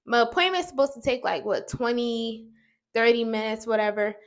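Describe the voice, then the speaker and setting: A young woman vlogger telling an exasperated, animated story to her viewers while doing her makeup. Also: on the high side, normal speed. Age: young adult.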